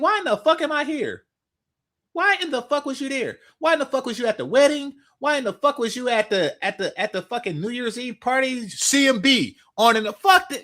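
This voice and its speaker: A man's voice: very high-pitched, sharp tone. A man giving heated, profane commentary, repeating himself and swearing as he rants.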